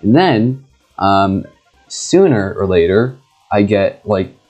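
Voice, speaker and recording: A young man giving casual, joking gameplay commentary with quick excited reactions and sarcastic asides. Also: on the low side, highs cut off. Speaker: gaming YouTuber. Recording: faint background music.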